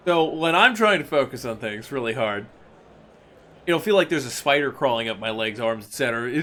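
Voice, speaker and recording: High, lively man venting while gaming. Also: brisk. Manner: profane, animated venting with loud mock outbursts. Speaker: streamer. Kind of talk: casual gaming stream commentary.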